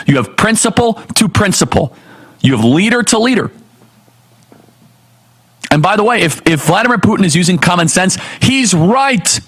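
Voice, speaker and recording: A man's voice: on the high side, a bit bright. Emphatic American man hosting a talk show. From United States. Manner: emphatic, punchy, rapid-fire. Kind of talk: political commentary monologue.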